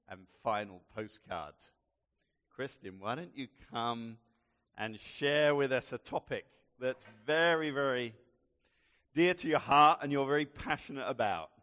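Slow-spoken man preaching. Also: medium pitch, a bit bright. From England. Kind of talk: storytelling sermon. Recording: long reverb hall.

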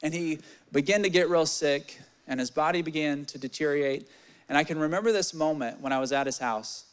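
A young male preacher with a fairly high voice, delivering a sermon in a candid, storytelling way. He gets louder and more animated as his stories build, then drops low and quiet when he reads scripture. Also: a little fast, smooth.

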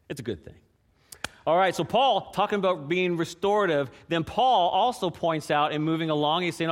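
A pastor preaching a conversational sermon full of rhetorical questions, dropping to a hushed prayer and rising to animated emphasis. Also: male voice, on the high side, a little fast. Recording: preaching in a reverberant hall.

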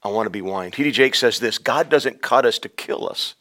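A man preaching a sermon on a podcast, swinging between loud urgent exhortation and hushed, intimate storytelling. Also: mid-range voice, a little fast. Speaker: pastor. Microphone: podcast microphone.

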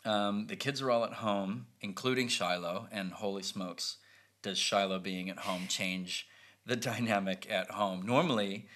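Storytelling man, thirties, low bright voice, animated retelling. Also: unhurried. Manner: animated, acts out quoted lines. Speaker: podcast host telling a family story. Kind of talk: casual storytelling.

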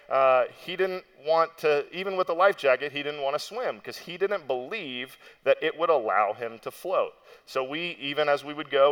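A man's voice: mid-range voice, fairly bright tone, clean tone. A young adult man giving a sermon as pastor, preaching in a conversational storytelling way with frequent asides to the listeners.

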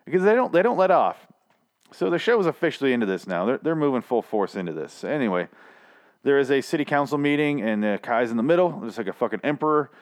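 A man's voice: mid-range voice, expressive, quick pace. A man hosting a review podcast, talking casually in a rambling, profane way with many fillers and restarts. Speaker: podcast host reviewing a TV series. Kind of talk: casual chat.

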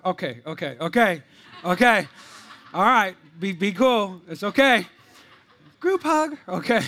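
Male pastor, very high voice, playful joking sermon, stumbles and restarts often. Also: a bit bright. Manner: frequent restarts and repeated words.

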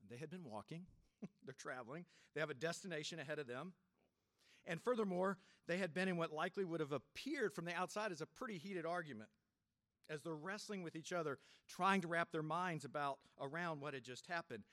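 Reflective pastor preaching, soft laughs. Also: male voice, a little high, no echo, clean studio sound. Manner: reflective, unhurried, with soft laughs and sudden shifts from loud to quiet. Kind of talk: sermon.

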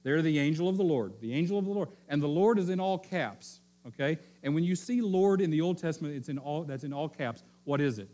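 A pastor preaching a teaching sermon, repeating key phrases and often checking in with his listeners, sometimes dropping to a quiet low voice to stress a point. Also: lively intonation, a little fast, few pauses.

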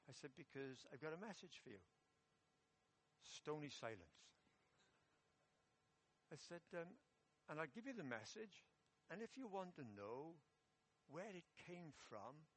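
A middle-aged man from England preaching in a church, telling a personal story in a relaxed, conversational way with self-deprecating humour. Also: fairly high pitch, moderate pace, pauses often, slightly rough.

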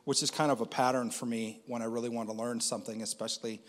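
A man's voice: mid-range voice, level tone, fast talker, long reverb tail. A man giving a conversational personal testimony as a Christian speaker, with lots of fillers.

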